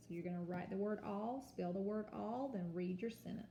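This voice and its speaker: A woman teaching a kindergarten home lesson on video, sounding out letters and words slowly and patiently. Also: mid-range voice, mellow, echoey room, a little hiss or hum. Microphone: phone or camera.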